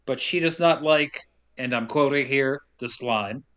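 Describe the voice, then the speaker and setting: A man's voice: medium pitch, a little slow, sharp tone, smooth. A man casually recapping a movie for a podcast, sarcastic and dry, swearing freely.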